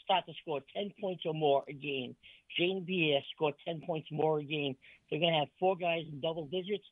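A man's voice: fairly high pitch, normal speed, no echo. Eager male caller over a tinny phone. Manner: eager, rattles off names and stats. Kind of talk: sports radio call-in.

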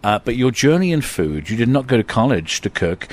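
A man's voice: medium pitch, very animated, fairly quick. A man from Ireland hosting a food show, interviewing a chef in a restaurant in a chatty, playful way. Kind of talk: casual interview.

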